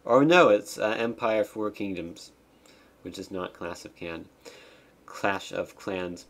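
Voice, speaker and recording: This game streamer talks a little slowly in a lowish voice, casually commenting and tossing in deadpan, wry quips while he reads the game's text aloud.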